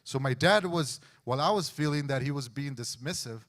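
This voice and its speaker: A man's voice: fairly high pitch, fairly quick, fairly bright tone. A man sharing a personal testimony before a church congregation, talking conversationally and acting out what other people said. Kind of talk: personal storytelling on a church stage.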